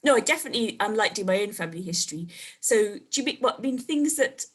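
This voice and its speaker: A woman's voice: mid-range voice, lively intonation, quick pace, slightly rough. Chatty woman family historian. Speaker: guest, family historian and magazine editor. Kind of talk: casual interview chat.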